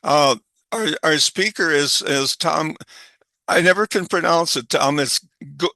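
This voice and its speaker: A man's voice: on the high side, a little slow, sharp tone, dry recording. A man hosting a webinar, introducing the guest speaker in a loose, rambling way. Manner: loose, rambling, restarts and chuckles.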